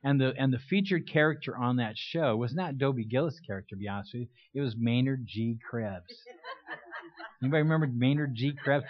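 An older man with a medium-pitched voice speaks briskly as a guest preacher in a church sanctuary. His sermon is conversational, full of stories and folksy humor, and the recording sounds dull, dry and lo-fi.

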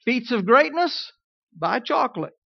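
A middle-aged man preaching a sermon, telling humorous stories with lively rising emphasis. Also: very high-pitched, unhurried, creaky, husky, no echo, dull audio.

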